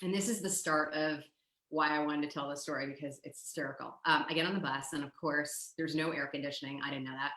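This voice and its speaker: An American woman with a low, deep-set voice tells a personal story with lively energy, slipping into "like" and "you know" as she goes. The sound is roomy, with a noticeable echo around her. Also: fast. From United States. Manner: lively, acts out quoted dialogue, frequent "like" and "you know". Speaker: storytelling guest.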